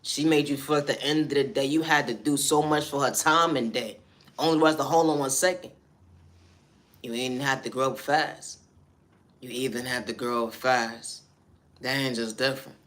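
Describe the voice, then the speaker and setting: Man with mid pitch, rambling spoken-word refrains. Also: fairly even intonation, moderate pace, fairly bright tone. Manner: repetitive refrains, "at the end of the day", "I say that respectfully". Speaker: vlogger.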